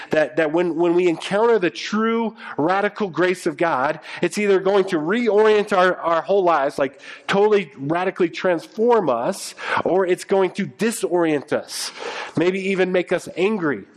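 Male pastor, slightly high voice, casual storytelling sermon with lots of ums and restarts. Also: measured pace. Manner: conversational storytelling with many fillers and restarts.

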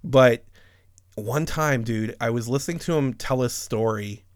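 Profane, animated man telling a story. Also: medium pitch, measured pace, smooth, no room sound, clean studio sound. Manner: profane, animated, laughs often. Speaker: podcast host telling a story. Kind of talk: casual storytelling chat.

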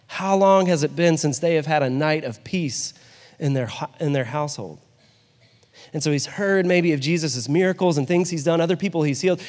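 A man's voice: on the high side, in a large hall. A male pastor giving a sermon in a conversational way, often asking his listeners rhetorical questions.

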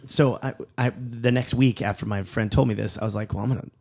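A middle-aged man telling a comic story in conversation, animated and acting out the people in it. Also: medium pitch, normal speed, creaky, breathy edge. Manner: animated, acts out characters, many restarts. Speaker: comedian, storyteller.

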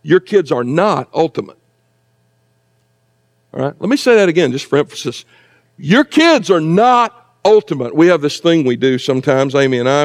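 A man's voice: medium pitch, a little mellow. A middle-aged man, preaching a sermon in a church in a conversational way with joking asides. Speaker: pastor. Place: church sanctuary.

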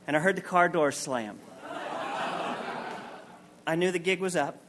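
A man's voice: on the high side, measured pace, background noise. A man in his forties telling a comic, self-mocking personal story on stage at a story night, acting out the people in it. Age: 40s.

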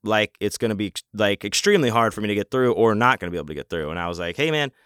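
Man, casual storytelling, swears a lot, rambling, smooth voice, dry close sound. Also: lowish voice, rapid-fire, fairly bright tone, no room sound. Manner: profane, rambling, heated. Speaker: convention vendor telling a story.

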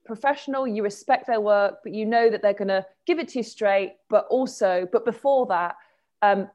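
A woman hosting a casual chat, animated and quick to laugh, talking in rambling restarts. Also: mid-range voice. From England.

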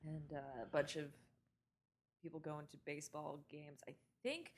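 A man's voice: fairly high pitch, flat delivery, normal speed. A man co-hosting a podcast, teasing his friends in a blunt, profane way. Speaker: podcast co-host. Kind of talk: casual chat.

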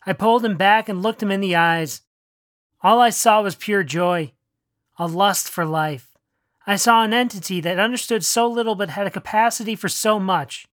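A narrator reads a first-person story aloud in a measured, earnest way. The voice sits at a middle pitch. The recording is close and completely dry. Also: a bit bright, dry recording. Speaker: narrator reading own story. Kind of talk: first-person fiction reading.

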